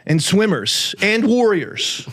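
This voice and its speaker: A man in his forties hosting a podcast, telling stories in an animated way, acting out other people and bursting into shouted rants. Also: high-pitched, takes it slowly. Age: 40s. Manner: animated storyteller who acts out voices and bursts into shouted rants. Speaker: podcast host. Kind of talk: casual comedic podcast chat.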